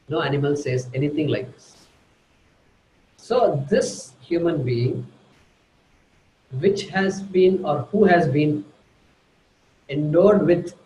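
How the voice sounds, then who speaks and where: A man giving a slow, deliberate spiritual lecture, teaching through everyday examples. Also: on the high side, a little mellow, echoey room, a little hiss or hum, poor audio. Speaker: Vedanta teacher.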